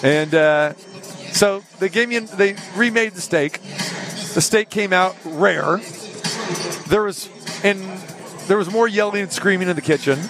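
A man hosting a live radio show from an arena, telling a story in a casual, animated way and acting out the people in it. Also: high voice, measured pace, pauses often. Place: arena during a live broadcast. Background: music and an arena crowd.

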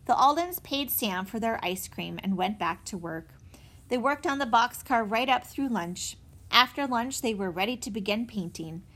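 A woman reading a children's chapter book aloud in an expressive, animated way. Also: a little high, moderate pace. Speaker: narrator. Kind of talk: storybook read-aloud.

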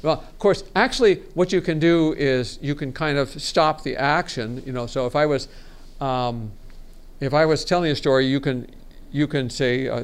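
A man teaching a workshop on storytelling in a relaxed seminar style, talking casually and often restarting his sentences. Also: medium pitch, moderate pace, smooth. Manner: chatty, frequent restarts and laughs. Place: conference meeting room.

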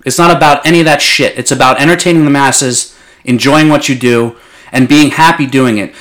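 A man's voice: medium pitch, fairly even intonation, fairly quick, a bit bright. A young man in casual sports talk as a podcast co-host, passionate and blunt, swearing freely.

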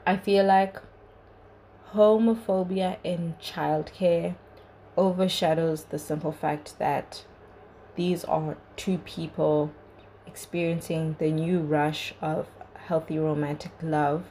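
A woman's voice: low voice, fairly even intonation, slow, warm tone, a little hiss or hum, low-quality recording. A young woman hosting a podcast, giving an earnest, chatty solo review full of "like" and "you know". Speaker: podcast host.

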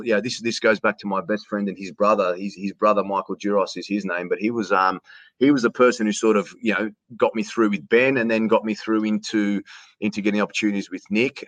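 A man's voice: medium pitch, fairly bright tone, dry recording. A man with an Australian accent, a ring announcer telling stories in a casual interview, chatty, often restarting and calling the host "mate".

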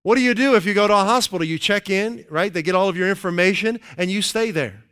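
A man preaching a sermon, emphatic and playful, repeating key phrases and reading scripture slowly. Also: high voice, bright, forceful tone, clear, resonant tone. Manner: playful asides, chuckles at his own jokes.

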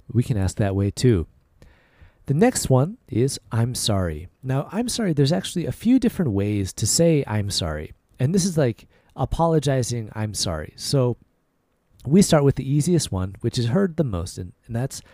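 A man hosting a language-lesson podcast, easygoing and clear, repeating short phrases slowly for learners. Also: mid-range voice, warm tone, dry recording, clean studio sound. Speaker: Korean language podcast host.

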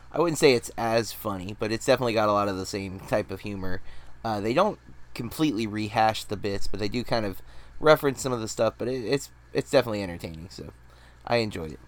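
A man hosting a movie podcast, chatting casually with lots of fillers and restarts. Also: fairly low pitch. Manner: rambling, many fillers and restarts. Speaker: podcast host.

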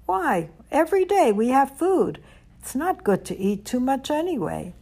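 A woman's voice: high voice, sing-song, measured pace, a little mellow, pitched above the performer's own voice, exaggerated voice. A woman voicing a kind, humble, poor male rabbi in a storybook reading, earnest and eager to help.

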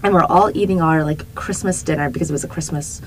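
A young woman co-hosting a podcast, telling a lively story in casual chat with lots of fillers and laughter. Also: deep voice, quick pace, slight background noise, low-quality recording. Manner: animated, laughing, many fillers. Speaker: podcast co-host.

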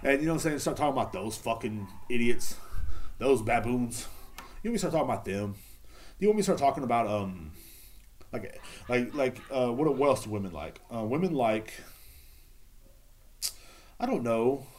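A man's voice: mid-range voice, lively intonation, normal speed, pauses often, a little mellow. A man, hosting a podcast in a casual, profane, rambling monologue. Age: 30s. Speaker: podcast host.

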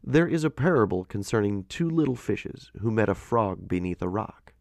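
A man narrating a devotional audiobook in a measured, expressive way with earnest emphasis. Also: fairly low pitch, gravelly, no echo, studio quality.

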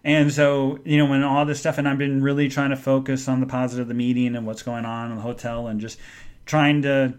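A man's voice: medium pitch, level tone, clear, resonant tone. Rambling, emotional middle-aged man. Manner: rambling, halting, full of restarts. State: emotional, subdued when speaking of his mother. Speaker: podcast host. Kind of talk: personal storytelling monologue.

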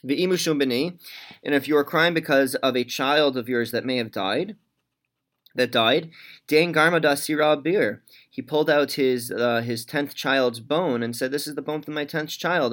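A man's voice: mid-range voice, fairly bright tone. A man teaching a Talmud class, reading Aramaic lines aloud and then explaining them in plain, conversational English. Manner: conversational with fillers and restarts.

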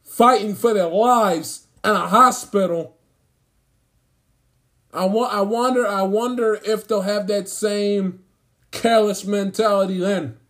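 A man ranting about sports, indignant and emphatic, hammering his points by repeating phrases. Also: sits high. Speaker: sports commentator. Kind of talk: angry sports rant.

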